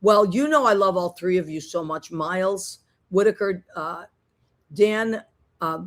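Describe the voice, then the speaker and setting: A woman's voice: on the low side, a little slow. Middle-aged lady rambling on her podcast, lots of restarts. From Boston, USA. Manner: chatty, rambling with many restarts. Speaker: podcast host. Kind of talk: casual chat.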